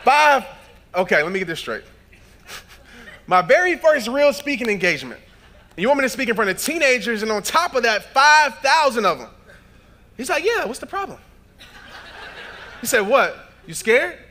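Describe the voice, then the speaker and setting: A man in his thirties delivering a motivational keynote into a handheld stage mic. His voice sits high for a man and rings bright and forceful. He tells stories in acted-out dialogue, then rises to shouted, preacher-like peaks. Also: slight background noise. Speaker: motivational speaker. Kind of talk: keynote speech. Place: large event hall.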